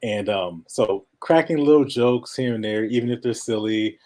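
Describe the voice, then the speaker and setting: A man with a nasal voice, a guest in a casual interview, talking quickly, now and then mumbling and breaking into laughter. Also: medium pitch, a little mellow. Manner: fast-talking, sometimes mumbles, laughs often. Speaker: podcast guest.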